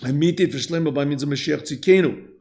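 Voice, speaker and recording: A man teaches a Chassidus lesson in a yeshiva classroom, his voice slightly high with a gravelly edge. He tells a story at length, slipping into the voices of the people in it, and he often stops to clear his throat. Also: fairly quick, a little mellow.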